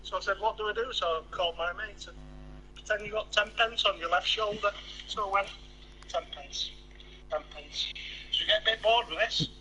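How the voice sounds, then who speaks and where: A man's voice: high-pitched, steady tone, fast, bright, forceful tone, slight background noise, rough recording. A man telling crude one-liner jokes, stand-up style.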